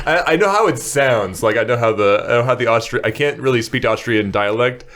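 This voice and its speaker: An American man hosting a podcast, telling animated stories and laughing often. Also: medium pitch, fairly quick. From United States. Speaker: podcast host. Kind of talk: casual podcast chat.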